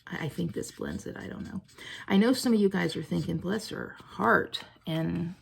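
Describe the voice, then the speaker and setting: A woman's voice: on the low side, gravelly, breathy edge. A woman hosting a casual stamping tutorial, chatting to viewers in a self-deprecating way while she colors. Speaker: crafting video host.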